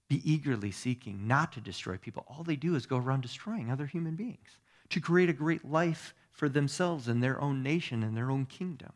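A pastor delivers a sermon in a mid-range voice, teaching conversationally and checking in with listeners through tag questions. He shifts between soft asides and emphatic stresses.

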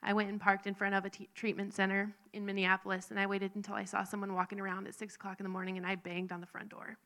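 A woman telling her personal faith testimony in an earnest, halting, emotional way. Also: mid-range voice, monotone, a bit bright. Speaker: speaker sharing a recovery testimony.

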